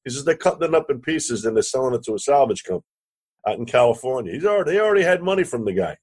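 A man, a real estate lender and podcast guest, telling a lively anecdote and acting out the other voices. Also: mid-range voice, racing, breathy edge. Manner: animated anecdote teller, acts out quoted dialogue, curses casually. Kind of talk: storytelling in a podcast interview.

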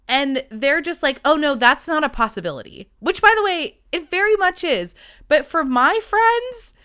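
A young woman talks through a casual solo podcast, animated and chatty, laughing often. Her voice is bright and crisp, smooth and clear. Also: high voice. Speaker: podcast host.

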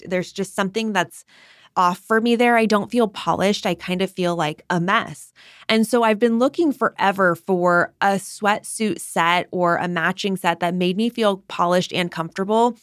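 A young woman hosts her own podcast, chatting in a gossipy, opinionated way. Her voice sits a little low, and she jumps up in pitch to stress a point. The sound is close and dry, with no room echo. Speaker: podcast host. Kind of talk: casual solo podcast chat.

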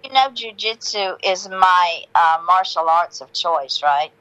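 A woman's voice: lowish voice, animated, unhurried, pushed and bright, dull audio. A woman from Georgia, a podcast guest chatting in a brash, self-assured, teasing way. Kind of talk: casual interview chat.

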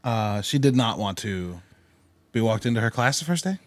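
A man's voice: lowish voice, expressive, normal speed, no room sound. A young adult man co-hosting a podcast, chatting casually in a laid-back, jokey way with some swearing. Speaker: podcast co-host. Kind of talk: casual chat.

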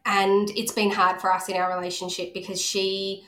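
A woman's voice: mid-range voice, normal speed. An Australian woman in her thirties, a podcast guest telling stories animatedly and acting out the dialogue. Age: 30s. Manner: animated storyteller who acts out quoted dialogue. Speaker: podcast guest, speech pathologist. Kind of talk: casual podcast conversation. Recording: echoey room.

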